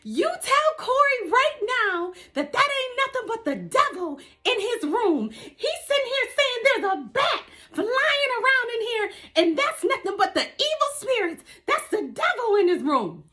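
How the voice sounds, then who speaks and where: A woman voicing her elderly devout mother, yelling and scolding about the devil. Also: very high-pitched, very animated, measured pace, hardly any pauses, pitched above the performer's own voice, exaggerated voice. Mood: insistent. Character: shrill devout elderly grandmother, scolding loudly.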